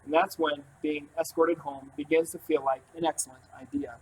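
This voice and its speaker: A man reading a first-person novel aloud in a calm, even storytelling voice. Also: on the high side, normal speed, slight background noise, rough recording. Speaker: audiobook narrator. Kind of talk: first-person audiobook narration.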